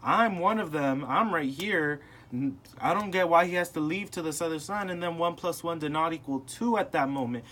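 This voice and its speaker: Young man with a higher voice telling a story. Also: brisk. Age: young adult. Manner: animated, acting out family members in retold dialogue. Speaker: podcast host. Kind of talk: casual personal storytelling.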